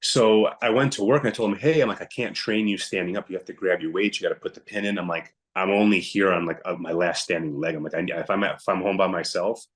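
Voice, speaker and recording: Guesting on a podcast, this young man recounts something painful he went through, his voice pitched very low. He's direct and forceful, often performing the words he spoke at the time. His intonation stays fairly flat, and he talks fast with barely any pauses.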